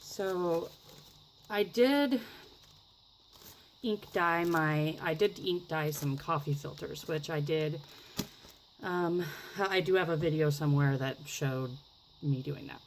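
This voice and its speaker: A woman's voice: low voice, takes it slowly, pauses often, a little hiss or hum, low-quality recording. A woman casually demonstrating a craft project, chatty and rambling, gushing over the results and sometimes dropping into a whisper. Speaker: craft vlogger.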